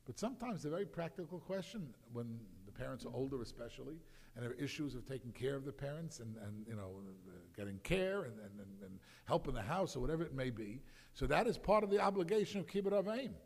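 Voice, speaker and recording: A man teaching a Torah class, lively and full of fillers, acting out the voices he quotes. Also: mid-range voice, fast talker. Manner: animated, acts out quoted voices, many fillers. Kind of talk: Torah lecture. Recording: long hall reverb.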